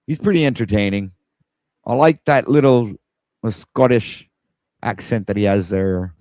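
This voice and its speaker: A man's voice: fairly low pitch, measured pace, a little mellow, no room sound. Exasperated rambling male livestreamer. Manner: rambling, exasperated, talks to viewers while scrolling. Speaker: livestream host. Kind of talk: casual livestream commentary.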